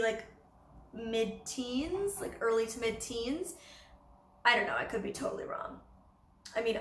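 A woman's voice: a little high, sharp tone, reverberant. A Canadian woman in her twenties, chatting casually and bubbly as a vlogger, full of "like" fillers. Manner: bubbly, chatty, fashion-loving, many "like" fillers. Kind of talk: casual chat.

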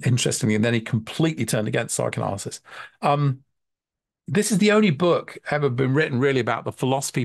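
Man, gravelly, dry close sound, earnest reflective talk, hypnotherapy tutor. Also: mid-range voice, no echo. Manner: earnest, thinks aloud with frequent restarts.

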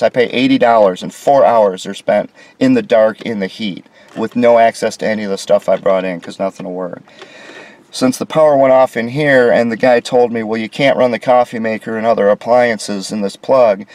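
A man's voice: lowish voice, darkish tone, no echo. A man from the United States walking through a small hotel room on camera, complaining with sarcasm and indignation. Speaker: vlogger reviewing a hotel room. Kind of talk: casual walkthrough narration.

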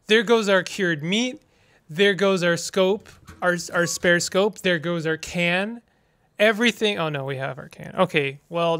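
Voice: medium pitch, fairly bright tone. A gaming streamer giving let's play commentary, playful and exasperated, with dramatic outbursts, silly made-up words and the odd muttered aside.

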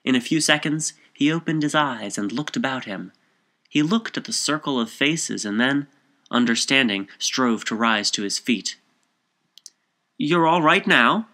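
A man reading a short story aloud as narrator in a measured, composed way. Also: medium pitch, sharp tone.

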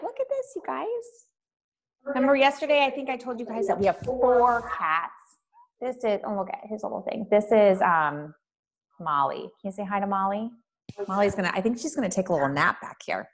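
A woman teacher with a voice pitched a little high, giving a reading lesson to small children. She chats loosely between activities, then slows down for call-and-response spelling and sing-song chants. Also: lively intonation, fairly bright tone. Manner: chatty, loose asides with fillers between activities. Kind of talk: online early-literacy lesson for young children.

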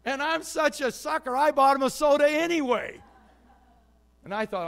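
A male pastor giving a sermon, telling stories with lively swings between loud and soft delivery. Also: extremely high pitch, gravelly. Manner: animated storytelling with quick shifts in volume. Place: church.

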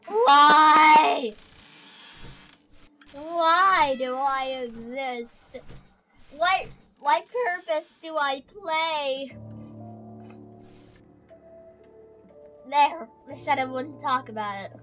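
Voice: high-pitched, takes it slowly, sharp tone, faint music behind, heavily acted, low-quality recording. A performer voicing a sulking, forgotten male animatronic bear in a comedic skit, talking in a whiny, rambling, self-pitying way. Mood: indignant.

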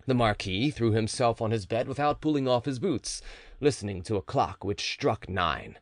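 A man narrating a classic story as an audiobook, with expressive storytelling. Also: mid-range voice, moderate pace, dry recording, clean studio sound.

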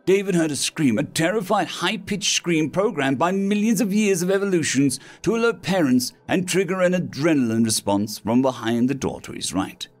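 Expressive male sci-fi story narrator. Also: mid-range voice. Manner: dramatic, expressive reading. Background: faint background music.

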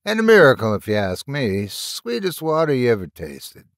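A man voicing a sly rural woman with a cruel streak, who talks in a folksy, coaxing way and drops into a low, conspiratorial tone. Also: huge pitch swings, moderate pace, no echo, studio quality.

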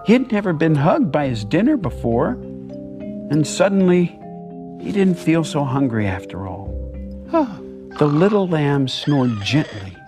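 A man's voice: fairly high pitch, very animated, unhurried. An older man giving a theatrical, playful reading of a children's story, with music behind. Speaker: guest storybook reader.

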